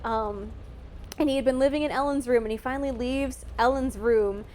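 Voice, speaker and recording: A woman co-hosting a casual movie chat podcast, talking emotionally in halting bursts with many restarts and some swearing. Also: high voice, a little mellow, a little hiss or hum. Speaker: podcast co-host.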